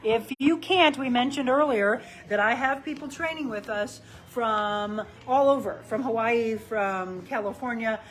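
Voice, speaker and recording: Here a St. Louis-area personal trainer and life coach from Missouri, middle-aged, talks casually on a live stream as she shows exercises. Her pitch is fairly high and her pace measured, with hardly any pauses, on a low-quality recording.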